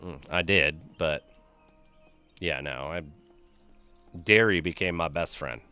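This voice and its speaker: A man's voice: deep voice, takes it slowly, sharp tone, clean tone, soft background music. A young man streaming a game, chatting casually with viewers, reading names from chat and telling crude, joking stories. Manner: loose, profane, joking storyteller reading chat.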